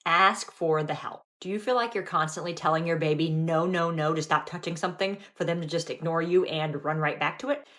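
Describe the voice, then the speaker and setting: A woman's voice: sits low, a little fast, few pauses, a bit bright. A young adult woman, a mother, giving direct and practical cooking and parenting tips to camera.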